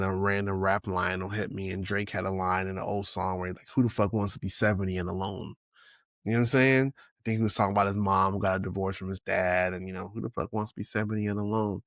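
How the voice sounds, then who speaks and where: A man in his forties hosts a solo podcast, speaking without notes in a candid, reflective, emotional way, full of restarts and "you know what I'm saying," and swearing casually. His voice is on the low side, captured in a dry, clean studio recording.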